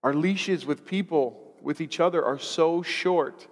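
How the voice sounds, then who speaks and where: A man's voice: fairly high pitch, unhurried. Give me a male pastor preaching in a church with a long reverb, reading scripture dramatically. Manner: storytelling with dramatic scripture reading, stumbles and repeats. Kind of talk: sermon.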